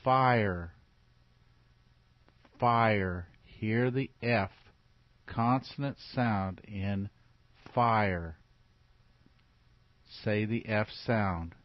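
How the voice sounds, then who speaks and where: Slow, patient man teaching letter sounds. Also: lowish voice, dry recording. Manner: slow, patient, repeats sounds for the child to copy. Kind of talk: phonics lesson for young children. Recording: dull, lo-fi recording.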